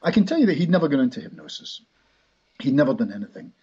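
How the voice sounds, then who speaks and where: Hypnotist guest, rambling storyteller; husky voice, medium pitch, muffled lo-fi audio. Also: male voice, sing-song, quick pace, warm tone. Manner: rambling anecdotal, frequent restarts. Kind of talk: storytelling in a podcast interview. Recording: dull lo-fi recording.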